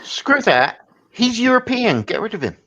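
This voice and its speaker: A man's voice: sits high, very animated, normal speed, muffled recording, over a noisy crowd. A man from Britain teasing the others in casual online chat. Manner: teasing banter.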